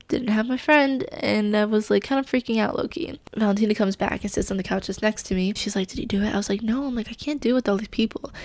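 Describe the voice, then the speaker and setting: A young woman rattles through her story quickly, her voice gravelly with fry. She is chatty and full of fillers, acting out what everyone said. The sound is close and dry. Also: fairly high pitch, a little mellow, no room sound. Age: young adult. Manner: chatty, lots of fillers, acts out quotes. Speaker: vlogger. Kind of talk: casual storytelling.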